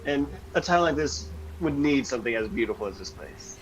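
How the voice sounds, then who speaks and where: A man's voice: medium pitch, animated, a little fast, muffled recording, slight background noise, close to an everyday voice. A man voicing an earnest, complimentary male genasi adventurer in a tabletop game.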